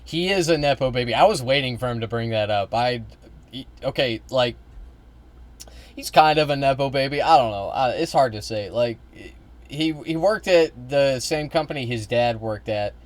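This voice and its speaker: A young man chats through a reaction stream, rambling and restarting his sentences, often with a casual swear. His voice sits at an ordinary middle pitch for a man. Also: moderate pace.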